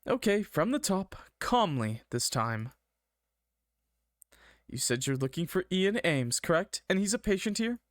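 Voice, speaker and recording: A man's voice: high-pitched, sing-song, unhurried, no room sound, studio quality, pitched above the performer's own voice. A man putting on a snippy female receptionist. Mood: sarcastic. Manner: curt and condescending. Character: sarcastic, impatient female hospital receptionist.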